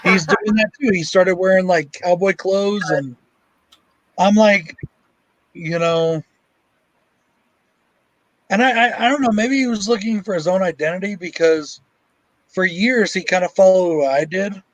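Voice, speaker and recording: A man's voice: high voice, unhurried, pauses often, no room sound, low-quality recording. A man co-hosting a casual chat, speaking bluntly and swearing often. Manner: blunt, swears a lot, tells stories. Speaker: co-host.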